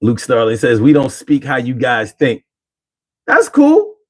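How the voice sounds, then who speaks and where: A man's voice: mid-range voice, steady tone, normal speed. A young man hosting a casual stream, freestyling loosely and riffing on viewer comments in a streetwise way. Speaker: livestream host reading chat. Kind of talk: casual freestyle rap and chat.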